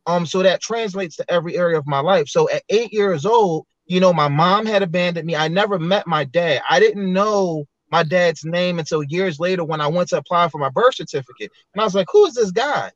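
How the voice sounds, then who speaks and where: A man with a high voice tells his story earnestly, circling back and restarting as he thinks. The sound is dull and lo-fi, dry with no room around it. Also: a little fast, hardly any pauses, no echo. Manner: earnest, reflective, many restarts. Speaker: podcast guest. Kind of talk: candid personal storytelling.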